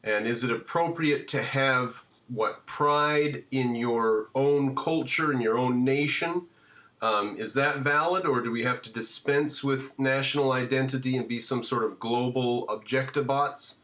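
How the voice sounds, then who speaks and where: A man hosts a casual discussion, posing questions to his guest in a conversational way. His voice sits at a middling pitch. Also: unhurried, a bit bright. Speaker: host.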